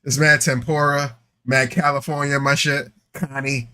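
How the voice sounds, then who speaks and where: A man in his forties co-hosting a live podcast, telling stories in an animated, joking casual chat. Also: medium pitch, a little slow, smooth. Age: 40s. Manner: animated, joking, laughing storyteller. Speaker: podcast co-host.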